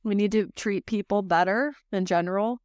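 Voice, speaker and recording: A woman's voice: medium pitch, moderate pace, no room sound, highs cut off. A woman who runs a small dog treat business, talking as a podcast guest in an emotional, rambling way. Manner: warm-hearted, emotional, rambling with restarts. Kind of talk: casual conversational storytelling.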